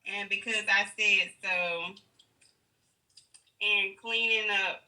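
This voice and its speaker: Bright flat-voiced woman, far from mic. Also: mid-range voice, takes it slowly. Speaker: parent in the group.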